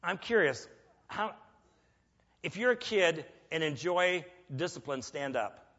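A man's voice: fairly high pitch, expressive, slow pace, a bit bright. A man preaching a sermon in a conversational way, asking the audience questions and acting out grumbling prayers. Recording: long reverb, dull lo-fi sound.

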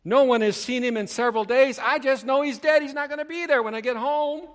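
A man voicing a distraught woman who is panicking that her husband is dead, in a rushed, pleading way. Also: extremely high pitch, long reverb tail, voice pushed up. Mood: frantic.

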